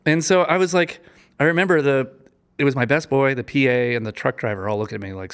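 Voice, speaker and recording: A man telling a work story in casual chat, lively, with many fillers, acting out the people he quotes with big jumps in pitch. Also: quick pace, clear, resonant tone. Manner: chatty, many fillers and restarts. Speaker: podcast guest, gaffer and cinematographer.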